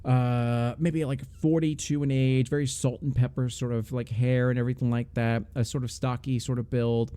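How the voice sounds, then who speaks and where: A man's voice: medium pitch, little pitch movement, moderate pace, hardly any pauses, dark tone, clean tone. A young man narrating as game master, hesitant and full of fillers.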